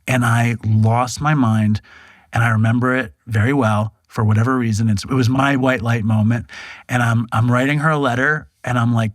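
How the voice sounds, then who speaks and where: Frank, animated man telling his story. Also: medium pitch, brisk, no room sound. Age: 40s. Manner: frank, animated, acts out quoted dialogue, swears. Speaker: podcast guest. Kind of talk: candid storytelling interview. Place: podcast studio.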